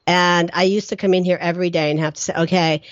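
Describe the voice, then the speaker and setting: A middle-aged woman with a fairly low voice tells stories as a podcast guest, acting out what people said. She speaks from her home office into a dry-sounding mic. The sound is a little dull and lo-fi. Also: fast talker, dry recording. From Pennsylvania, US. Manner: animated storyteller, laughing, acting out quoted lines. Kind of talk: podcast interview storytelling.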